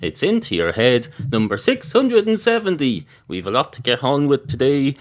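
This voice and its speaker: A man hosts his podcast alone, wandering through absurd comic riffs and tripping over his own words. His voice swoops up and down with a lively, animated pitch. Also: normal speed. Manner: meandering, self-interrupting, absurd riffs. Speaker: podcast host. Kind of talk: rambling comic monologue.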